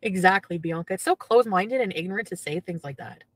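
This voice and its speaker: A woman's voice: lowish voice, expressive, fast, no echo, poor audio. A woman chatting casually on a livestream from her car, gossiping and reading out chat messages.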